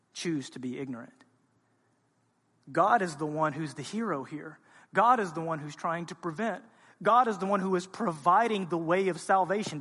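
Man, pastor, preaching a sermon, fairly high voice, impassioned, long church reverb. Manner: impassioned preaching that swings between quiet and loud. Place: church sanctuary.

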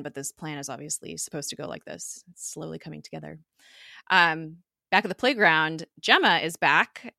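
A woman's voice: sits low, bright, forceful tone, no room sound, studio quality. A young woman hosting a podcast, casually recapping a TV episode with lots of fillers and laughter. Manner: chatty, many fillers, frequent laughter. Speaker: podcast host.

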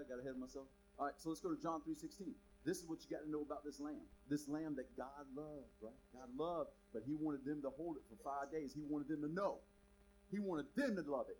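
A man preaching a sermon as pastor, animated, swinging from soft asides to emphatic declarations. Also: on the high side, quick pace, husky, poor audio.

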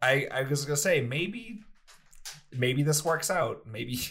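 A man playing a tabletop game, animated and exclaiming as he banters. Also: medium pitch, takes it slowly. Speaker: player.

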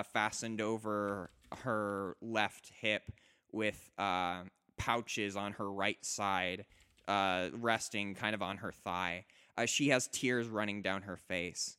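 A young man narrating a tabletop game as game master, halting often with fillers and restarts. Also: lowish voice, bright, forceful tone, clean tone.

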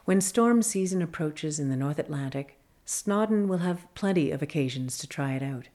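Woman narrator, deep voice, measured scripted read, magazine audio story. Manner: measured, even reading.

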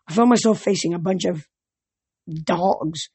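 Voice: mid-range voice, unhurried, warm tone, breathy edge, no echo. An amateur audiobook reader narrating a first-person adventure story, often stumbling over words and restarting.

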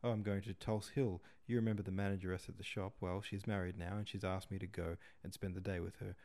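A man's voice: low-pitched, level tone, quick pace, a little mellow. A man reading the lines of an offhand, self-absorbed young woman. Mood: breezy.

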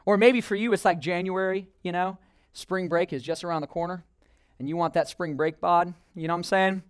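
Animated young man telling a sermon story. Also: high-pitched, brisk, smooth, no room sound, clean studio sound. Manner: casual, animated, many filler words.

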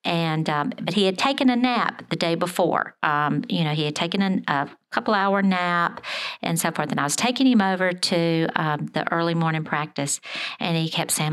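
Earnest middle-aged woman, lowish voice. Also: normal speed, clean tone. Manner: earnest, hesitant with many fillers and restarts. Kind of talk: storytelling in casual conversation.

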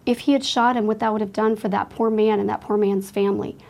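A woman's voice: medium pitch, steady tone, fast, gravelly, darkish tone. A woman earnestly telling a frightening personal story as a faith-minded testimony. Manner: earnest, emotional retelling of a frightening night; speaks with religious faith.

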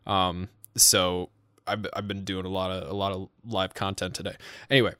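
A man's voice: low voice, flat delivery, normal speed, pushed and bright, clean tone, no echo, studio quality. A man hosting a casual podcast, talking in a rambling, self-deprecating way with many restarts. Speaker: podcast host. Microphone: home podcast microphone.

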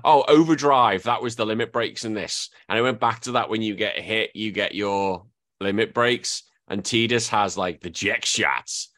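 Animated podcast host, man. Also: normal speed, no echo, studio quality. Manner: animated, jumps into high-pitched impressions. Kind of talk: casual chat.

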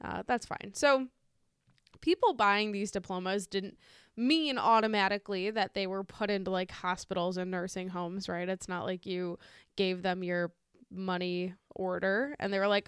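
A woman's voice: mid-range voice, steady tone, moderate pace, fairly bright tone, smooth, dry recording, studio quality. A woman with a Midwestern American accent co-hosting a podcast in casual chat, laughing often, swearing freely and stumbling over names as she reads news items. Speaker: podcast co-host.

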